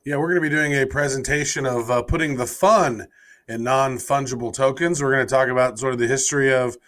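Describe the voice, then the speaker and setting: A man co-hosting a casual podcast, trading quick teasing banter with his partner. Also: medium pitch, fairly even intonation, fairly bright tone. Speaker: podcast co-host. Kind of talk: casual chat.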